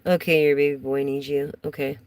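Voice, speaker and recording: A woman's voice: sits low, level tone, fairly quick, a little mellow, no echo, poor audio. A woman giving a casual live tarot reading, chatty and rambling as she talks straight to her viewers. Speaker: tarot reader.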